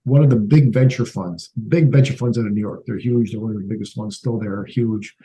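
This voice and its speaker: A man's voice: on the low side, a little fast, low-quality recording. A middle-aged man from Canada, a guest on a podcast, telling personal stories and acting out the dialogue in them. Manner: animated storyteller who acts out quoted dialogue. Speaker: entrepreneur guest. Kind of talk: storytelling in a podcast interview.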